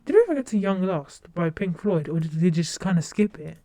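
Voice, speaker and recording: A young woman streamer in casual live-stream chat, talking quickly and rambling, with lots of fillers and restarts. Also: on the low side, animated, mellow. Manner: rambling, fast and talkative with many fillers. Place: home streaming setup.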